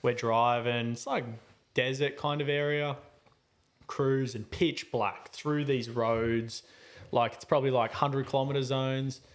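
A man hosting a podcast, telling a story in a casual, animated way and acting out his own lines. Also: mid-range voice, measured pace. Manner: animated, acts out his own quotes loudly. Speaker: podcast host.

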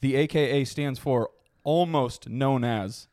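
A man's voice: medium pitch, takes it slowly, darkish tone, dry recording. Thirties man, podcast co-host, laughing storyteller, mid voice, dry booth sound. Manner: laughs through stories, sings goofy bits. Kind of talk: casual chat.

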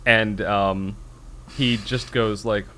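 A man co-hosting a podcast in casual chat, telling comedy sketches in an animated way. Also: lowish voice, takes it slowly, a little hiss or hum. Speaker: podcast co-host.

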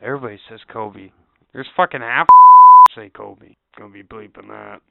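A man's voice: mid-range voice, huge pitch swings, moderate pace, very noisy. A man co-hosting a podcast, joking with crude, profane humor. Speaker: podcast co-host. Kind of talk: crude comedic chat. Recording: dry, phone-like lo-fi sound.

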